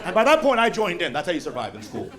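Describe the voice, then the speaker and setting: Stand-up guy from texas, brash crowd banter, high voice that swings all over, loud laughing crowd behind. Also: huge pitch swings, fast talker, heavy background noise. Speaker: stand-up comedian. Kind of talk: stand-up comedy set. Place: comedy club stage with audience.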